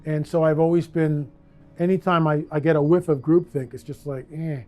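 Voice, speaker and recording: A man with a slightly raised, mellow voice tells a story with animated energy. He acts out the voices in his anecdote, with faint music behind. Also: a little high, normal speed. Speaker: interviewee. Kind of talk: casual storytelling.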